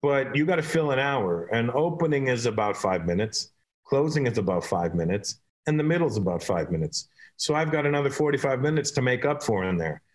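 A man's voice: mid-range voice, brisk. Canadian comic guy telling stories, laughs a lot, regular mid voice. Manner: animated storytelling, laughing often. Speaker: comedian guest. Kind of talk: casual chat.

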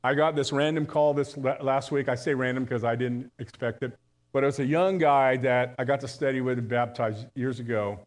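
A male pastor giving a live church sermon in a conversational way, telling jokes and often restarting his sentences. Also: mid-range voice. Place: church service.

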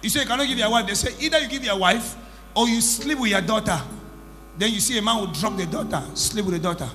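High, bright-voiced man preaching emphatically. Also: fast. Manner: emphatic, exclaiming, questioning the congregation. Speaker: prophet leading a church service. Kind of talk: sermon with deliverance testimony. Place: church hall with congregation. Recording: echoey hall, music underneath.

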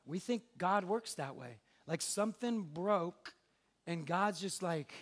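High-voiced young pastor, joking and conversational. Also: male voice, expressive, slow, a bit bright. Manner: conversational, joking, acts out little dialogues. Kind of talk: sermon.

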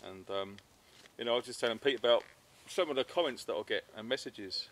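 A British man who hosts an outdoors channel lounges in a hammock in the woods, chatting casually to camera and laughing. His voice sits on the low side with vocal fry and a fairly bright tone, delivered quickly with few pauses, and there's a little hiss or hum in the audio.

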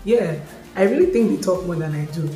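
Nigerian girl vlogging, chatty and expressive, echoey room, bit of music in the back. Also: lowish voice, brisk. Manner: expressive storytelling with Yoruba asides. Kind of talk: casual chatty vlog.

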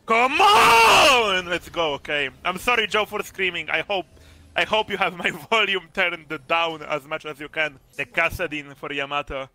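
A man casting an esports match with loud hype calls, his voice hoarse and worn from screaming. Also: a little high, fairly even intonation, normal speed. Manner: shouts big hype calls, then drops to tired casual talk. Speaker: esports caster and streamer. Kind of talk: hyped esports draft and game commentary.

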